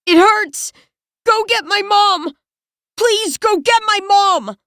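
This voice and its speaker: A woman's voice: very high voice, takes it slowly, darkish tone, no room sound, clean studio sound, voice pushed up, heavily acted. A woman voicing a terrified, wounded teenage boy who cries out and pleads in pain. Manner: pleading, crying out.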